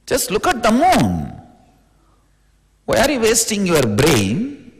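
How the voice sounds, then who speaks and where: A spiritual teacher from India with an Indian accent, giving an informal, playful, teasing discourse in plain words. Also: male voice, high voice, huge pitch swings, slow. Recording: long reverb of a large hall.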